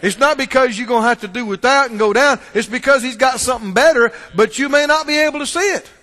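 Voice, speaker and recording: A man preaching a sermon in church, asking the congregation questions and swinging between loud calls and hushed asides. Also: extremely high pitch, fast. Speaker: pastor. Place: church sanctuary. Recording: long reverb of a large hall.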